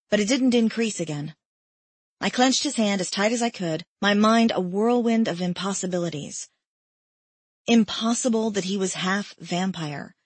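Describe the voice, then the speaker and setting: A woman reads a first-person novel in a mid-pitched, husky voice. The recording is dry and close, with no room sound. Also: dry recording. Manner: intimate, measured first-person storytelling. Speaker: audiobook narrator. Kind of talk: scripted narration.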